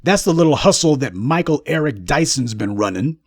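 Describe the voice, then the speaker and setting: A man's voice: fairly high pitch, lively intonation, fairly quick, no echo, clean studio sound. A man giving a sarcastic, combative commentary monologue as the host of his own channel. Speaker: political commentator.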